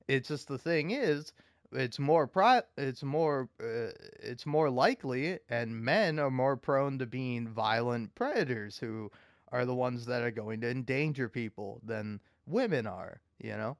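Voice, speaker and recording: A man's voice: on the high side, no room sound, clean studio sound. A man ranting in casual commentary, heated and profane, often stumbling and restarting his sentences. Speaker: video commentator.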